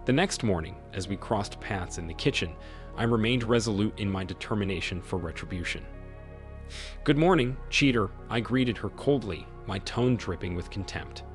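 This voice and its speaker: Stern low-voiced male storyteller. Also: moderate pace. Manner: stern, cold, dramatic reading. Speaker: story narrator. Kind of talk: scripted first-person narration. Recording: faint music bed under voice. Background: faint background music.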